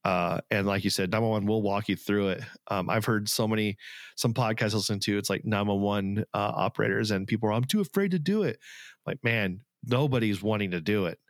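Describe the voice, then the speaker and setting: Speaking fairly quickly in a lowish, level voice, this podcast co-host keeps the chat casual and earnest, wandering through restarts and filler words. The recording is studio quality with no echo.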